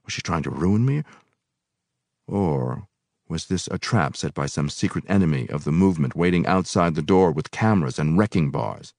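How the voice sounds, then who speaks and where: A man with a deep, low voice reads a novel aloud at a measured, unhurried pace. The recording is dry and close, with no room echo. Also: animated, gravelly, darkish tone. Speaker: reader.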